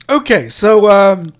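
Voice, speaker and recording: A man co-hosting a podcast in casual chat, rambling with lots of fillers and restarts. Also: high voice. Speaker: podcast co-host.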